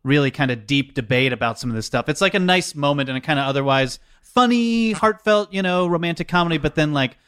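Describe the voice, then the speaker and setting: Male guest, eager, explanatory, smooth clear voice, dry. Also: fairly high pitch, animated, quick pace, hardly any pauses, a bit bright, no echo. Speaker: guest comedian.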